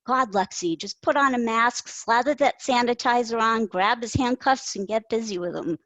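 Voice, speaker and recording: A woman reading her own story aloud, voicing a blunt, teasing adult friend who gives advice in a brisk, emphatic way. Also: a little high, a bit bright, no echo, voice pushed up, close to an everyday voice, poor audio.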